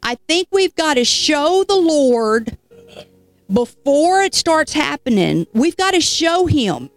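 Woman, preacher, conversational storytelling sermon, folksy and animated, higher voice, quiet music underneath. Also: slow pace.

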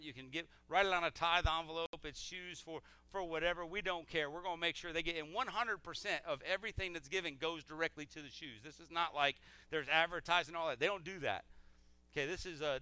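A man's voice: a little high, bright, forceful tone, smooth, no room sound. A man making church announcements to a congregation, enthusiastic and repeating himself as he rallies people to give. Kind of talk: casual church announcements before the sermon.

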